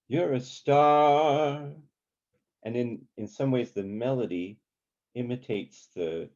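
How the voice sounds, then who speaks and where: A man leading a community songwriting workshop, talking in a relaxed, halting way with many ums and sung examples. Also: fairly low pitch, breathy edge, highs cut off. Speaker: songwriting teacher.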